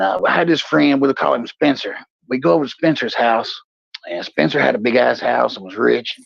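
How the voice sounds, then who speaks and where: A gravelly, husky man in his forties tells a raunchy story with lots of swearing. He co-hosts a casual talk show, and the sound is dry and dull. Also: no echo. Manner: profane, animated storyteller, puts on high voices for quoted people. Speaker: podcast co-host.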